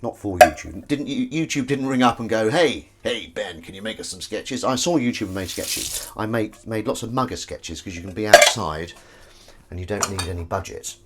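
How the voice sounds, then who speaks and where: On his washing-up livestream, a man with a lowish voice speaks at a moderate pace, rambling casually and teasing himself as he goes through viewers' comments. There's background noise, including the clatter of dishes and cutlery from his home kitchen.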